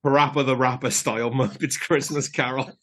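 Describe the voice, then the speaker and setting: A man co-hosting a podcast talks in a mid-pitched, ordinary voice. He is blunt and sweary in casual chat and laughs easily along with his partner. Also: steady tone, fairly quick, fairly bright tone. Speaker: podcast co-host.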